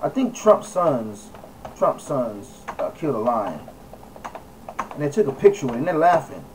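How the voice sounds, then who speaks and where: A man talking to camera in a casual vlog, emphatic and halting, repeating his phrases and filling pauses with "uh" and "you know.". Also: medium pitch, big pitch swings, distant mic, a little hiss or hum, rough recording. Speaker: video blogger.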